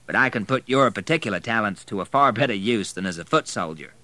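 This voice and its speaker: Energetic male army general, commanding and loud, voiced by a male audiobook reader. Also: on the low side, quick pace, dry recording. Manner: commanding, raised voice.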